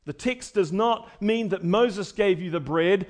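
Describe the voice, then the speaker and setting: A pastor preaching a sermon to his congregation, emphatic, his voice swinging between loud and quiet. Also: measured pace, hardly any pauses. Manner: emphatic preaching with wide swings in pitch and loudness.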